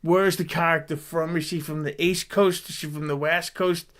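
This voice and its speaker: A man co-hosts a podcast, offering wry, critical takes in loose conversation. His voice is fairly high for a man, smooth and resonant. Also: steady tone, moderate pace, a bit bright. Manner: wry, dry critical commentary. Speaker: podcast co-host. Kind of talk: casual chat.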